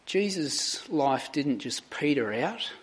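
Slow, deliberate preacher with a raised voice. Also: male voice, fairly high pitch, sing-song. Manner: slow, deliberate, dramatic emphasis on quoted lines. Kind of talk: sermon with scripture reading.

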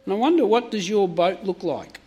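A man with a fairly high voice delivers a sermon from the pulpit. He speaks to the congregation directly and keeps turning to questions he puts to each listener. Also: expressive, fairly quick, a little mellow, breathy edge. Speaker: preacher.

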